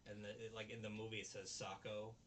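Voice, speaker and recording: A man's voice: lowish voice, fast talker. A man talks loosely through an anime episode, piling on fillers and restarts as he retells scenes. His voice sits back from the microphone, with a faint hiss underneath. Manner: rambling, animated retelling with many fillers. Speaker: co-host reviewing an anime episode. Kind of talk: casual recap chat. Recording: distant mic with faint noise.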